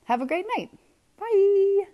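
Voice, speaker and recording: A woman hosting a podcast, telling a story in a chatty, animated way with lots of fillers. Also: mid-range voice, moderate pace, lo-fi sound. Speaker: podcast host. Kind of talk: casual motivational talk.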